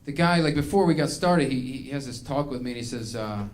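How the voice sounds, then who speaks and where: A man's voice: mid-range voice, expressive, a little fast, few pauses, a little mellow, a little hiss or hum. A male stand-up comedian performing a set on stage, ranting in a mock-angry way.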